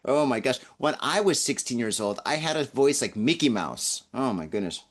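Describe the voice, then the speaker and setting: A man's voice: mid-range voice, lively intonation, normal speed. A man in his forties hosting a podcast, chatting casually through the news with jokey laughing asides while hungover. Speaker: podcast host.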